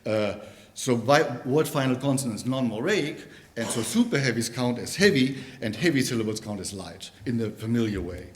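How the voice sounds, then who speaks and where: A man giving an academic conference talk on linguistics in a university lecture room, pausing often and restarting his sentences. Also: mid-range voice. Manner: halting, with many fillers and restarts.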